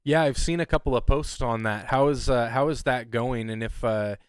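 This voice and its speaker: A man hosting an amateur radio net in easygoing casual chat, chuckling often and filling pauses with ums and uhs. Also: medium pitch, clear, resonant tone, no echo.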